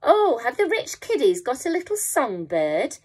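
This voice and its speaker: A woman voicing a mocking robber woman with a shrill voice. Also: big pitch swings, takes it slowly, fairly bright tone, full character voice. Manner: mocking, then shrieking.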